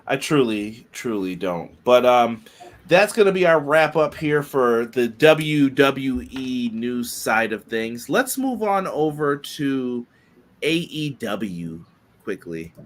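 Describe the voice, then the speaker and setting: A man co-hosting a casual wrestling podcast, giving animated, quick opinions with many fillers. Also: medium pitch. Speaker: podcast co-host.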